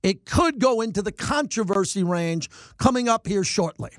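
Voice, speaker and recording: A middle-aged man hosting sports talk radio, ranting in animated bursts and mocking his critics. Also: high-pitched, dry recording, studio quality. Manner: animated, rants and mocks in quick bursts. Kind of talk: fired-up sports talk monologue.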